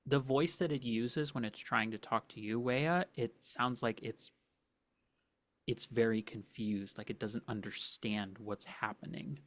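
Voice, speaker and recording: A man's voice: medium pitch, measured pace. A man running a tabletop game as game master, describing scenes with frequent restarts.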